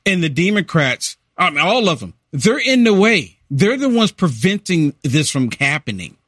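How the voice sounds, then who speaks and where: A man co-hosting a casual political talk show, animated and quick to laugh, acting out quotes. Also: breathy edge, no room sound, clean studio sound. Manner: animated, laughs often, acts out quotes with rising pitch. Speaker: political commentary co-host.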